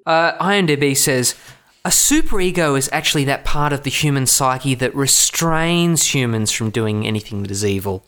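A man's voice: medium pitch, expressive, moderate pace, few pauses, a bit bright. A man hosting a casual film commentary chat, wry and musing as he asks his co-hosts questions.

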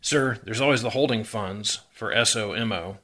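Casting: smirking suited official, sly and smooth, voiced by a male reader. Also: fairly low pitch, normal speed, bright, forceful tone.

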